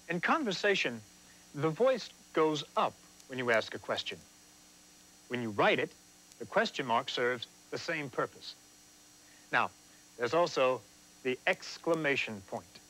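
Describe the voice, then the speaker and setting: A man's voice: medium pitch, pushed and bright, poor audio. A man hosting a scripted TV writing lesson, explaining things in a dry, self-deprecating way. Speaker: teacher and host.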